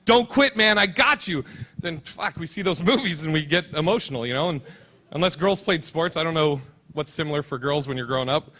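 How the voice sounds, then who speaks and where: A man's voice: fairly high pitch, fairly quick, a bit bright. A man performing a stand-up comedy set on a convention stage, with a brash, crude and punchy delivery.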